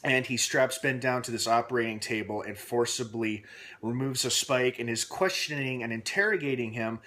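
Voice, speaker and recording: A man's voice: mid-range voice, moderate pace. Chatty man rambling through a recap. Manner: rambling, animated, with frequent fillers and laughs. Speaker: show recap reviewer. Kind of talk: casual spoken episode recap. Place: home.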